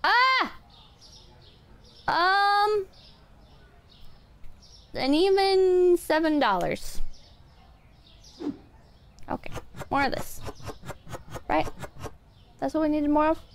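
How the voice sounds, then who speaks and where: A woman's voice: very high-pitched, expressive, very slow, pauses often, slight background noise. A woman streaming a game, chatting casually with her viewers in a chaotic, swearing, self-mocking way. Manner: chaotic, swearing, self-mocking, talking to chat while playing. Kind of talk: casual gaming stream chat.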